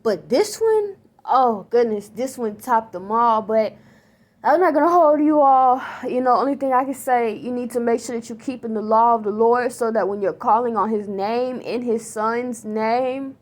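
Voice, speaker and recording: A shaken woman with a fairly high voice talks straight to her viewers. Her telling is animated and slangy, full of fillers. It is a casual spiritual testimony about a dream. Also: moderate pace. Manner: animated, excited, slangy storytelling with many fillers. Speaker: vlogger recounting a dream.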